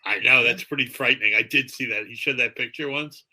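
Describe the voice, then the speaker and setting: A man's voice: mid-range voice, fairly quick, sharp tone. A man hosting a podcast, joking with his co-hosts and telling a story with frequent laughter. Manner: laughs often, jokey storytelling. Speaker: podcast host. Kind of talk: casual banter.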